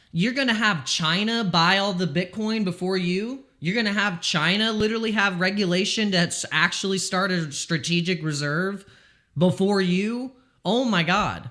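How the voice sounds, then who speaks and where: Bright-voiced, excitable male crypto streamer. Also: high voice. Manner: excitable, exasperated, swears freely. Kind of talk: casual live stream commentary.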